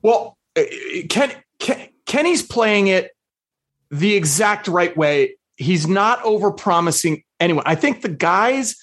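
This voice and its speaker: A man speaks as a podcast guest, his pitch moving around a lot. He starts hesitantly with restarts and then settles into a firm opinion. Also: lively intonation, takes it slowly, fairly bright tone. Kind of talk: casual chat.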